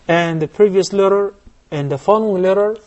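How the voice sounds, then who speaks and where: A man teaching recitation rules on a TV lesson, explaining step by step and chanting verses slowly. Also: high voice, a little mellow, muffled recording. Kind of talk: televised recitation lesson with live callers.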